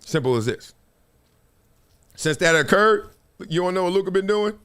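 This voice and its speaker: A middle-aged man, a former football player, hosting a casual livestream in an animated, slangy, joking way. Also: high-pitched, moderate pace, clear, resonant tone.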